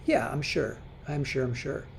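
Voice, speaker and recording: A woman's voice: rumbling low, normal speed, vocal fry. A woman hosting a casual livestream, chatting as she reads viewer comments aloud, often repeating and restarting her words. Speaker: livestream host.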